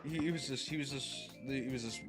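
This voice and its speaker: A young man co-hosting a casual podcast chat, rambling and stammering, often breaking into laughter and loud mock outbursts. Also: mid-range voice, brisk, music in the background. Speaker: podcast co-host.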